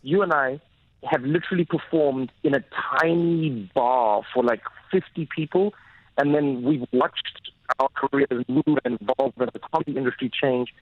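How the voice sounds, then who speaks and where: A man with a South African accent, a comedian talking as a guest in a radio interview and telling animated stories. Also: mid-range voice, moderate pace, no room sound. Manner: lively storyteller, animated. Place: radio studio. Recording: dull, dry radio studio sound.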